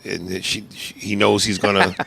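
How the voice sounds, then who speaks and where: A man's voice: fairly low pitch, level tone, normal speed, creaky, sharp tone, slightly rough. A man hosting a podcast, joking crudely and animatedly in casual chat, at times playing a bossy film director. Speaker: podcast host.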